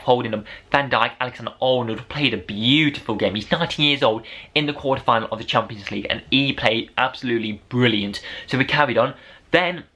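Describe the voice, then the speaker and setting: Male fan vlogger, mid pitch, excitable rambling match recap, unpolished delivery. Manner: excitable, rambling, rising to shouts over goals. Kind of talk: unedited casual match review.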